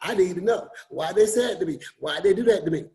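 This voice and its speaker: A man giving a motivational talk to an online group, repeating his points and swinging between loud emphasis and quiet drops. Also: sits high, fast talker. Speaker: forex coach and motivational speaker.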